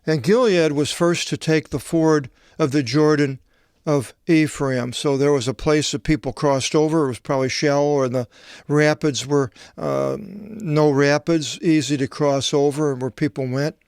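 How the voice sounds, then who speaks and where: A man, a Bible translator, reading scripture aloud with meandering, halting commentary and asides. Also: a little high, fairly even intonation, a little mellow, clear, resonant tone, dry recording, studio quality.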